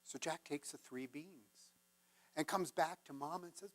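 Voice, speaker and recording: A male minister telling a folk tale in a sermon, measured and gently conversational. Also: a little high. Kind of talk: sermon storytelling.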